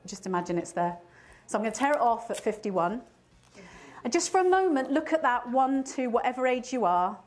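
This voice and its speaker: A woman's voice: a little high, big pitch swings, fairly quick. A woman in her fifties giving a motivational talk, telling a personal story and laughing at herself now and then. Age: 50s. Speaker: motivational speaker.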